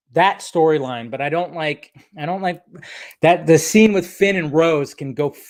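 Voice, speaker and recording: A man's voice: on the high side, no echo, studio quality. A man hosting a casual film chat, rambling with many fillers, restarts and swearing. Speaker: film commentary host.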